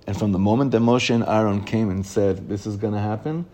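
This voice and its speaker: A man teaching a class as a rabbi. He reads a text aloud, explains it line by line, and grows lively when he quotes excited children. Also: brisk. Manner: animated, pitch rising when reading children's excited questions. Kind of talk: Torah lesson.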